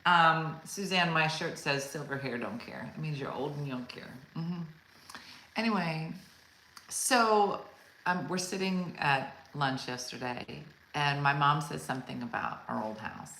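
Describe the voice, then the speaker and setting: A middle-aged woman comedian hosting online and telling a story in a rambling, animated way, with constant asides to her audience. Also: deep voice, a little slow, roomy sound, a little hiss or hum, poor audio. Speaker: comedian and host. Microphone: video call.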